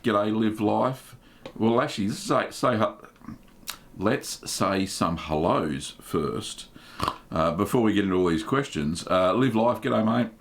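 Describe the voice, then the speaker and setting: A middle-aged Australian man hosts a live stream in a relaxed, chatty way, greeting viewers by name with a cheerful "g'day, mate." His voice sits on the low side and has a gravelly, creaky edge. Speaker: host of a live cheese-making Q&A stream. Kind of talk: casual live-stream chat.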